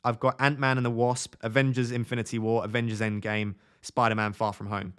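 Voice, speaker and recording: Young male streamer, mid-pitched, casual and chatty, answers live chat. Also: level tone, fairly quick, a bit bright, clean tone. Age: 20s. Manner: chatty, reads viewer comments aloud and answers them.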